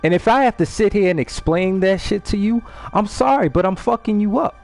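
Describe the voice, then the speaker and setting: A man hosting a live stream, telling a story in a casual, animated way, swearing freely and often repeating words as he restarts. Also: high voice, brisk, vocal fry, faint music behind. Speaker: livestream host.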